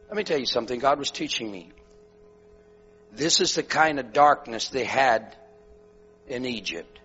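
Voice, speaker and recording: A man preaching a sermon, moving from loud exhortation to hushed, quiet storytelling. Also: medium pitch, lively intonation, normal speed, breathy edge. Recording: dull lo-fi recording with faint music and mains hum.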